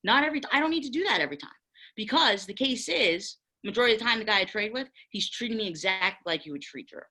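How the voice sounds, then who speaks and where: A young woman on a panel discussion, candidly telling stories with lively acted-out quotes. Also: medium pitch, fast, rough recording.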